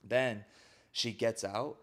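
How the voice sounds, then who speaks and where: A podcast co-host with a mid-range voice takes his time casually retelling a film plot. He's an animated storyteller who acts out the characters' quoted lines and says "like" often.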